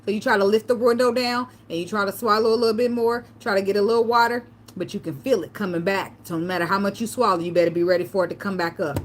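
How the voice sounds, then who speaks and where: A woman vlogger telling loose, profane stories in a relaxed chat, laughing often. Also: mid-range voice, fast talker, a little hiss or hum. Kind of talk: casual livestream chat.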